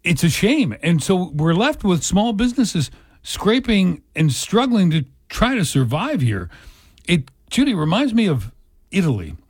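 A man's voice: high voice, very animated, unhurried, breathy edge, dry recording. A male radio talk show co-host, giving opinions with many restarts.

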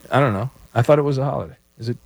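A man hosting a call-in sports radio show, teasing callers with quick jokes. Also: mid-range voice, gravelly, dry recording.

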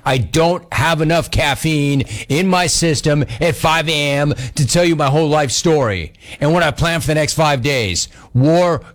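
A middle-aged man hosting a talk radio show, telling exasperated stories in a casual, animated way. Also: on the high side, normal speed, hardly any pauses.

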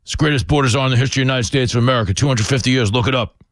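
A brash, gravelly tough guy who fires off boasts and threats without slowing down, as a man puts him on. His voice sits at a middling pitch and sounds dry and close, with no room around it. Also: dry recording, close to an everyday voice.

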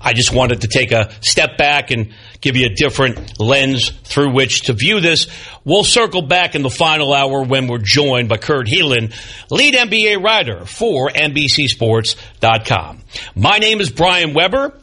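Animated older man hosting sports talk. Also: mid-range voice, a little slow, breathy edge. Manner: animated, opinionated, with wry self-deprecating asides. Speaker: sports talk show host. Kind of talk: sports talk radio commentary. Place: broadcast studio. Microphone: studio microphone.

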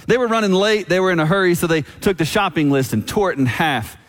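Guy preaching a sermon, kinda high voice, storytelling and slowing down for the big points, long church echo. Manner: storytelling, slows down for emphasis. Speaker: pastor. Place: church sanctuary.

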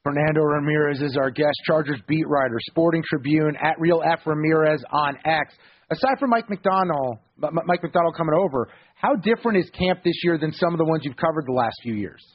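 Male sports radio host, rapid jokey delivery, husky and a bit high, muffled lo-fi sound. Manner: fast, jokey and excitable.

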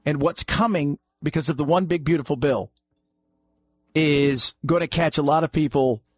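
A man's voice: on the high side, normal speed, breathy edge, dry recording. A man hosting a talk radio show, delivering a sarcastic, mocking monologue.

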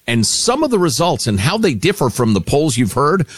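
A man's voice: a little high, very animated, moderate pace, husky, dry recording. A man co-hosting a talk radio show, chatting wryly about politics and teasing upcoming segments. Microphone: studio microphone.

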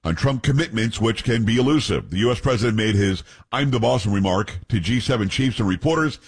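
A man's voice: lowish voice, lively intonation, brisk, slightly rough. A man hosting a talk radio show, reading news aloud with blunt opinions and joking asides to his co-hosts.

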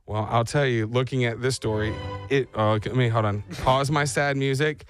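A man's voice: medium pitch, a little fast, soft background music. A man hosting a radio show, chatting casually and joking, often acting out silly voices. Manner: animated, jokey, acts out voices for dogs and himself. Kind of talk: casual morning radio banter.

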